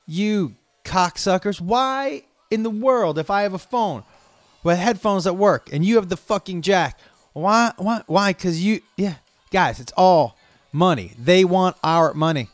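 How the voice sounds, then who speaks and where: A man's voice: high-pitched, expressive, measured pace, dry recording. A man delivering an angry, profanity-heavy, stream-of-consciousness rant to his viewers. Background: faint music playing.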